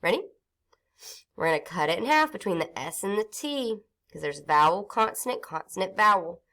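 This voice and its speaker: A woman teaching a phonics lesson to young children, sounding out syllables slowly and clearly. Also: medium pitch, lively intonation, a bit bright. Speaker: reading teacher.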